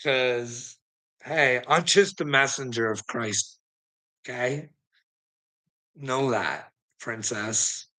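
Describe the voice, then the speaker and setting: Man, livestream host, rambling casual chat, frequent chuckles, swearing, tense bright voice. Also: medium pitch, very slow, pauses often, rough recording. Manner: profane, chuckles often between phrases.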